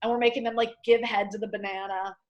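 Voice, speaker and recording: Young woman from around detroit, comedian on a podcast, tells stories loud and animated, does the voices. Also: mid-range voice, quick pace, muffled recording. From Michigan, Detroit area. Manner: animated storyteller, acts out quotes loudly. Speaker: comedian guest. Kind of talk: casual podcast storytelling.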